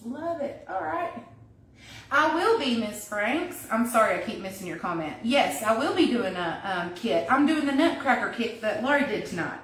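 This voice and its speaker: A woman's voice: on the high side, sing-song, moderate pace, few pauses. Woman, casual live craft demo, thinks aloud, reads viewer comments, home kitchen, roomy echo, mic a few steps off. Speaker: crafter hosting a livestream. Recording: echoey room, mic at a distance, faint noise.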